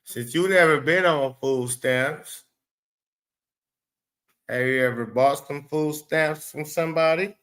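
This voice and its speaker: A man's voice: a little high, takes it slowly, pauses often, fairly bright tone. A man hosting a live stream, rambling, profane and blunt as he talks back to his chat. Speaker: livestream host.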